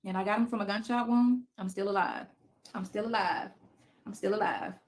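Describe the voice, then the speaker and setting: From the basement of her home, a woman in her fifties livestreams casually, cursing freely and answering comments in a blunt, defiant manner. She has a mid-range voice, a steady tone, and a brisk delivery.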